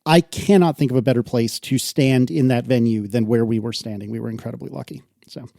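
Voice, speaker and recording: Podcast co-host, man, rapid delivery, dry close-mic sound. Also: medium pitch, gravelly, warm tone, no room sound. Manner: brisk, self-deprecating, reads listener mail aloud. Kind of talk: casual chat.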